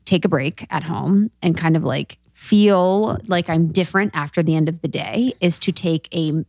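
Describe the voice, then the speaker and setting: Woman in her 30s, podcast co-host, low-ish voice, loose chatty banter with swearing, dry close sound. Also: moderate pace, a little mellow, no room sound. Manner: chatty, swearing, laughing often. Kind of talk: casual chat.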